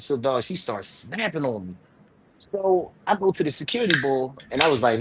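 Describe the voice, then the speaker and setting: A man hosting a live online panel, telling a rambling, profane story with big swings between loud and quiet, a little drunk. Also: medium pitch, lively intonation, brisk, a little hiss or hum, rough recording. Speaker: live show panel host.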